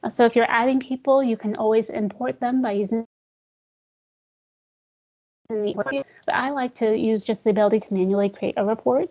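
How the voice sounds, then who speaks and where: A woman walks agents through a software demo in a loose, friendly way, calling them "guys" and cracking small jokes when the screen is slow. Her voice sits a bit high. The sound is dull and lo-fi, like audio from a web call. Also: fairly even intonation. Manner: chatty, addresses audience as guys, jokes about glitches. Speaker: real estate software trainer. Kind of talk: screen-share software tutorial.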